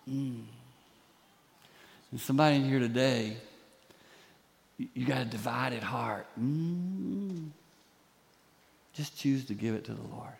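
An older man giving a sermon as a guest speaker in a church, telling stories in an animated way and acting out the voices he quotes. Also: fairly high pitch, vocal fry, big-room sound. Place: church sanctuary.

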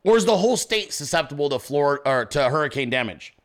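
A man's voice: fairly high pitch, sing-song, a little fast. A man hosting a political commentary show, blunt and crude, ranting at his audience in casual speech. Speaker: show host.

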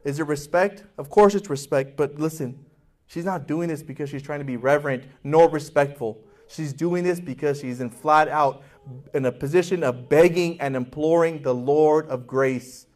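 A man's voice: on the high side, moderate pace, a little mellow. A male pastor preaching a sermon with passion, acting out voices in quotes and asking his congregation questions.

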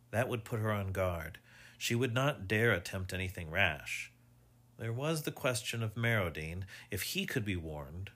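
Low-voiced male audiobook narrator. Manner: measured, even storytelling. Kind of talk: audiobook reading of a mystery story.

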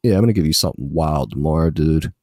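A man's voice: a bass voice, animated, rapid-fire, darkish tone, dry recording, studio quality. A man co-hosting a podcast in casual banter, laid-back, swearing often and saying dude constantly. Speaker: podcast co-host.

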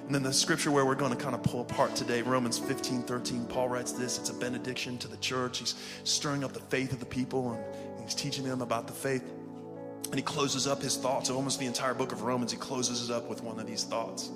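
A man's voice: mid-range voice, level tone, brisk, big-room sound, over loud music. A pastor preaching a conversational sermon to his congregation, calling for responses from the pews and from viewers online. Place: church sanctuary, also streamed online.

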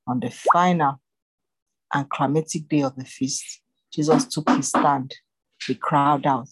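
A reader narrating scripture in a steady, even way. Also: mid-range voice, a little slow, pauses often, husky, no room sound, rough recording.

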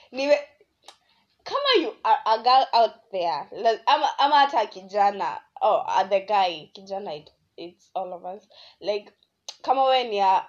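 Chatty young Kenyan woman, lo-fi. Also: mid-range voice. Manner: rambling, animated, switching between English and Swahili slang. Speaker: podcast host. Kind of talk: casual solo podcast storytelling. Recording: dull lo-fi audio.

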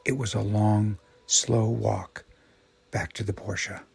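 Low raspy guy reading an uplifting story, slow and thoughtful, soft music under. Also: little pitch movement. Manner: slow, measured, reflective. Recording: soft music bed behind voice.

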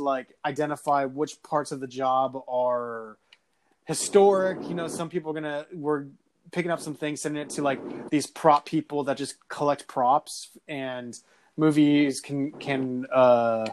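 A man's voice: fairly high pitch, a little hiss or hum. A man telling a story in casual chat, rambling with many fillers and swear words.

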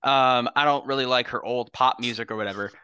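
Young male podcast co-host, bright forceful tone, dry close mic, sarcastic and swearing. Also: medium pitch, fairly even intonation, fairly quick, clean tone, no room sound. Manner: sarcastic, self-mocking, swears a lot. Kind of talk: casual crude banter.

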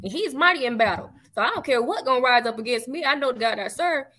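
Emphatic preaching woman, high voice. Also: expressive, quick pace, bright, forceful tone, poor audio. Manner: emphatic preaching cadence, repeats phrases. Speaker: prophetess and show host. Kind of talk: faith talk conversation.

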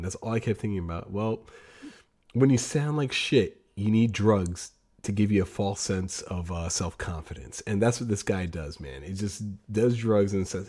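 A male podcast co-host ranting bluntly in casual chat, heavy on sarcasm and swearing. He stumbles through his sentences with repeated restarts. His voice is low-pitched and mellow. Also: normal speed, slightly rough. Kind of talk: casual album review chat.

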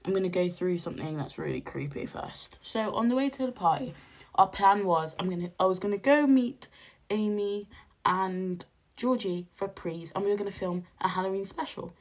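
This podcast host is a young woman with a husky, hoarse voice, worn out from a night out. She tells stories in a casual, chatty way at a moderate pace, animated and slangy, leaping to high exclamations whenever she quotes someone.

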